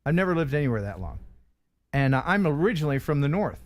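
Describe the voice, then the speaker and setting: A man hosting a casual livestream chat with a neutral American broadcast accent. He jokes and talks in an animated way. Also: fast. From Philadelphia area, US. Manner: joking, animated, jumps in pitch when excited. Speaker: host.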